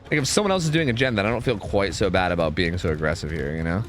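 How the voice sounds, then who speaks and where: A man streaming a game, chatting excitedly and swearing as he talks to his teammates and viewers. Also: sits low, fast talker, a little hiss or hum. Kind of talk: live gameplay commentary.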